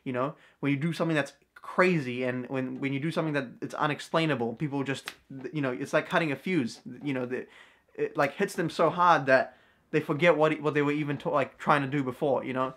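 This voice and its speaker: A man's voice: on the high side, a little fast, fairly bright tone. A young man, a vlogger and card magician, telling a story casually to camera with lots of slang and fillers. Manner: slangy, full of fillers and "bro".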